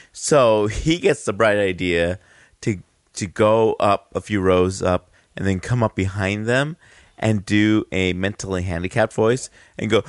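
A man's voice: lowish voice, clean tone, dry recording, clean studio sound. A man hosting a podcast, telling a rambling story full of fillers and laughing partway through his sentences. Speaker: podcast host. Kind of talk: casual chat.

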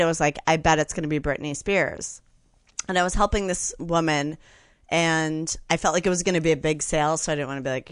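A woman, a guest comedian, telling a story in a chatty, animated way with lots of fillers. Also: sits low, dry recording. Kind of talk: casual anecdote telling on a podcast.

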